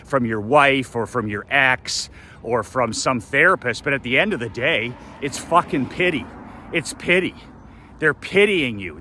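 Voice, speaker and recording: A man's voice: medium pitch, bright, forceful tone. A man giving a blunt, profane motivational rant as a business coach, hammering his points with repetition.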